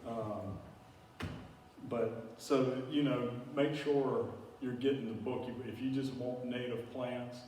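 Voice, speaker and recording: Slow and fairly even in intonation, this man's medium-pitched, slightly mellow voice wanders through an informal plant talk for a small local audience. He's folksy and full of filler words, recorded from a distance in an echoey room with faint hiss.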